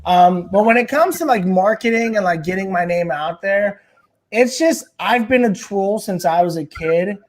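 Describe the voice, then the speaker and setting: A man's voice: high voice, moderate pace. Rambling, profane male stand-up comic. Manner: rambling, profane, heavy on filler words. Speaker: podcast guest, stand-up comedian. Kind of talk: casual storytelling chat.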